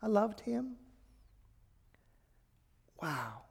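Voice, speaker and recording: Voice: mid-range voice, big pitch swings, extremely slow, gravelly, breathy edge. A pastor preaching a sermon, reading scripture aloud with dramatic emphasis and speaking in a personal, reflective way. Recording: long hall reverb.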